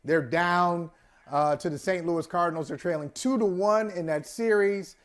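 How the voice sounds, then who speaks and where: High-voiced man telling stories. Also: moderate pace. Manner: animated storyteller, laughs while telling anecdotes. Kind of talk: casual sports talk show chat.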